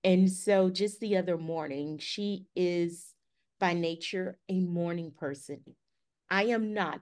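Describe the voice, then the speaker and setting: Brief: female podcast co-host, fairly low voice, animated storyteller who acts out dialogue. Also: slow, clear, resonant tone. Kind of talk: casual storytelling.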